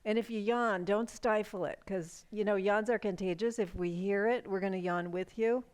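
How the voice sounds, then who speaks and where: A middle-aged woman leading a chair yoga class, giving calm, gentle cues for breathing and stretching with casual asides. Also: mid-range voice, normal speed, clear, resonant tone. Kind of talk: guided class instruction.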